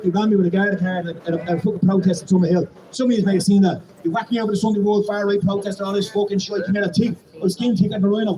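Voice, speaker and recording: A high-pitched Irish man delivers a rousing protest speech at rapid speed, full of swearing and rising to shouts. Heard through a public microphone and PA from some distance, his voice echoes around an outdoor street amid a loud crowd.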